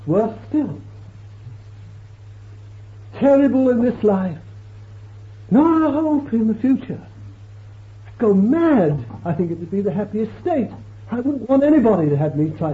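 A man's voice: high-pitched, sing-song. A man preaching a sermon in an emphatic, dramatic way, his voice rising and falling as he quotes and explains scripture. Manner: emphatic, slow, dramatic swells and drops. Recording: tinny lo-fi recording with faint hiss.

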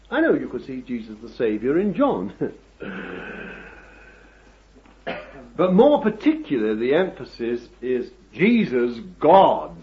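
Lively, slow-paced preacher on a dull recording. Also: male voice, medium pitch. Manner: rises to emphatic, forceful preaching; drawn-out, emphatic phrasing with asides to the congregation. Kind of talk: sermon.

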